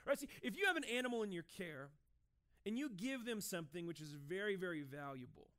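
A pastor in his thirties preaches a sermon in a conversational, animated style, acting out short dialogues along the way. His voice is high and fairly quick.

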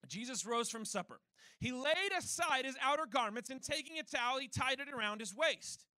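High, bright-voiced young preacher. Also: male voice, brisk, no echo. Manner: conversational, self-deprecating storytelling. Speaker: pastor. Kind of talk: sermon.

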